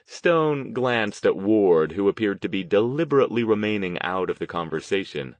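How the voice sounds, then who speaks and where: A man narrating an audiobook with expressive storytelling. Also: on the low side, normal speed, few pauses, no echo. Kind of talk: scripted narration.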